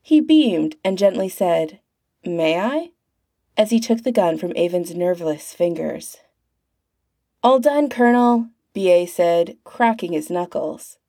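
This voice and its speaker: A woman narrates a fan-written story at an even, unhurried clip. Her voice is mellow and soft-edged, and the recording is dry and close, with no room around it. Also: fairly low pitch, gravelly, no room sound. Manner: reads aloud, putting on character voices. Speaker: fan fiction reader.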